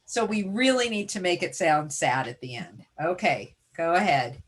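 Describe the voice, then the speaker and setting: A woman's voice: lowish voice, sing-song, normal speed. A woman teacher leading a reading lesson over a video call, giving encouraging step-by-step prompts. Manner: encouraging, directive classroom prompts. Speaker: teacher presenting a reading webinar.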